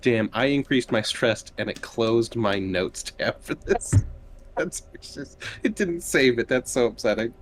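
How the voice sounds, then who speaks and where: Excitable, laughing male gamer. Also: mid-range voice, unhurried, slight background noise. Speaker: player. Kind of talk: casual tabletop game chat.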